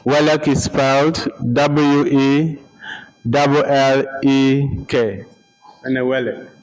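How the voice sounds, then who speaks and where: A man giving a lecture, slowly repeating names and spelling them out letter by letter for note-taking. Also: mid-range voice, little pitch movement, low-quality recording. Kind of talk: slow dictation-style lecture.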